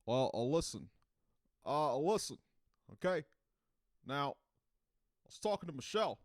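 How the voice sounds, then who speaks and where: Man doing a pausey, grandstanding president bit, pushed high and loud. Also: big pitch swings, no room sound, clean studio sound. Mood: mock-presidential. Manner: halting, pausey delivery with repeated "listen". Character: mock Obama impression, adult man, grandstanding.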